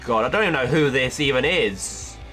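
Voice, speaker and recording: A man doing casual tier-list commentary as a YouTuber, offhand and jokey, firing off quick verdicts. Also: mid-range voice, lively intonation, a bit bright, faint music behind. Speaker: YouTuber ranking cartoon characters.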